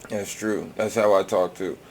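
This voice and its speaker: A man's voice: fairly low pitch, little pitch movement, moderate pace, background noise. A man hosting a reaction video, rambling casually and swearing often in a laid-back drawl.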